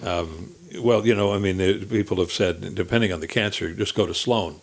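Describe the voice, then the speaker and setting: A man with a very deep, gravelly voice hosts a relaxed podcast chat. He reacts in short bursts and wraps ideas up in homespun phrases. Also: normal speed. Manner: short reactive interjections and folksy summaries. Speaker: podcast host. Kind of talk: casual interview.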